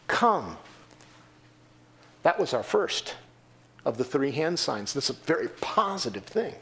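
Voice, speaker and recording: A pastor preaches a sermon in church at a normal speed, his voice carrying vocal fry. He is animated, acting out the voices of people he quotes and the answers from the pews with sudden jumps in pitch.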